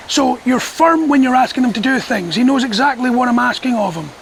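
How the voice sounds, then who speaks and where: A man who trains dogs, explaining training methods to the camera in a calm, measured, firm way. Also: very high-pitched, vocal fry, a little hiss or hum, rough recording. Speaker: dog trainer. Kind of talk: instructional talk to camera.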